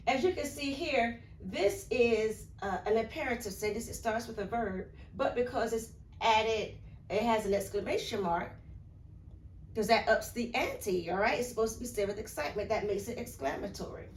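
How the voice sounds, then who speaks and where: An American woman teaches English grammar in a recorded video lesson, patiently asking questions and answering them herself. Her voice is on the high side at a moderate pace, in an echoey room with faint background hiss.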